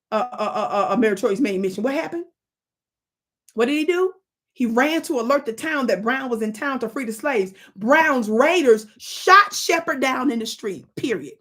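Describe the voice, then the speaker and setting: A woman hosting a live stream, reading history aloud and calling out to her chat in an animated, preachy way. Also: on the high side, breathy edge. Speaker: livestream host.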